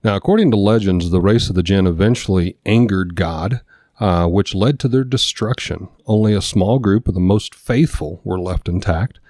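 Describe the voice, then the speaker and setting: Male podcast co-host, low mellow voice, dry close sound, casual reading from notes. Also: moderate pace, no room sound. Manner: reads notes aloud, stumbles over names.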